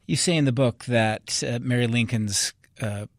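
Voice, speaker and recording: A man's voice: medium pitch, normal speed, dry recording, clean studio sound. A man interviewing a guest on public radio, asking long searching questions with many fillers and restarts. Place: radio studio.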